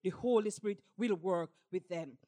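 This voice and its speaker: A woman preaching a sermon with passion, repeating lines and rising to shouts. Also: mid-range voice, moderate pace.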